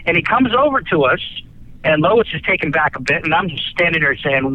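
A man's voice: on the high side, big pitch swings, fairly quick, narrow, tinny audio. A man, a radio broadcaster and author, telling rambling folksy stories as a guest, with lots of fillers and restarts. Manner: folksy, many fillers and restarts, breezy cursing. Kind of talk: rambling anecdotal storytelling.

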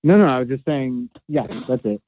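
A man's voice: medium pitch, lively intonation, brisk, highs cut off. A man in a casual conversation, explaining his views plainly with frequent fillers.

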